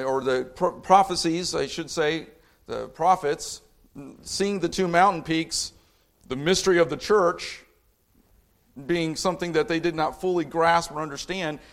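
A middle-aged man preaching a sermon, impassioned, swinging from low reading to fired-up outbursts. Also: a bit bright.

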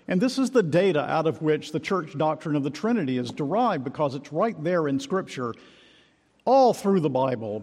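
Man, preacher, expository sermon, emphatic, measured, slightly high voice, long hall echo. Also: darkish tone.

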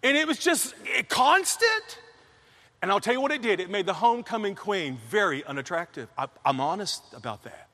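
A man's voice: high voice, big pitch swings, moderate pace, bright, forceful tone. A man preaching a sermon in an emphatic way, repeating key phrases and telling personal stories. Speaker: pastor. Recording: long reverb of a large hall.

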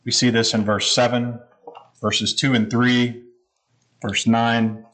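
A man's voice: mid-range voice, flat delivery, slow, fairly bright tone, rough recording. Man preaching a conversational sermon. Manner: explanatory, conversational preaching with scripture quotes. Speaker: pastor.

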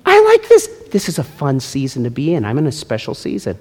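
A man's voice: mid-range voice, animated, fast talker, dark tone, breathy edge. A male pastor preaching a sermon in a church, with emphatic delivery and playful asides. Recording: long hall reverb.

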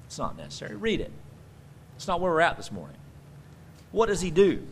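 A man preaching a sermon as pastor, swinging from loud emphatic bursts to quiet conversational asides. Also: high-pitched, very animated, normal speed.

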